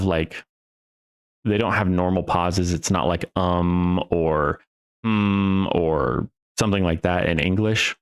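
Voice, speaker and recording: A man hosting a podcast, talking in a casual, rambling monologue full of restarts and the odd curse word. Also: fairly low pitch. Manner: rambling and profane, with restarts and trailing pauses. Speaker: podcast host.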